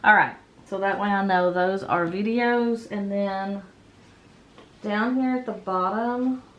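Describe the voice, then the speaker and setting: A woman's voice: mid-range voice, slow pace, dull audio. A woman in her thirties chatting casually while decorating a planner, rambling with lots of ums and self-corrections, a little tired. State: yawning, a bit tired. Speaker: planner vlogger.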